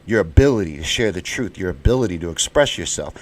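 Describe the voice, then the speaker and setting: Host, male, American; profane live-stream ranter, very animated pitch, flips from shouting to muttering. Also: quick pace. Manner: heated, profane, swings between shouting and muttering. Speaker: show host.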